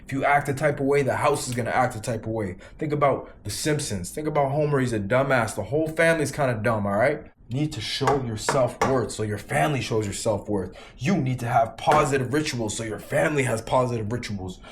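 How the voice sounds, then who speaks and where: A man's voice: medium pitch, a little fast, few pauses, heavy background noise. Emphatic man giving a motivational talk. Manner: emphatic, repeats lines for punch, swears casually. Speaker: vlogger giving quit-weed advice.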